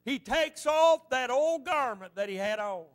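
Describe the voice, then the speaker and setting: High-voiced fervent preacher man. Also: animated, measured pace. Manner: fervent, repetitive preaching with storytelling. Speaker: pastor. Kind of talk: sermon.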